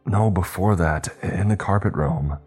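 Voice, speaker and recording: A man's voice: low voice, a little slow, a little mellow, slightly rough, soft background music, voice pushed up. A man voicing an anxious, sweaty young man who pleads and presses with questions while reading a story aloud. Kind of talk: storytelling narration.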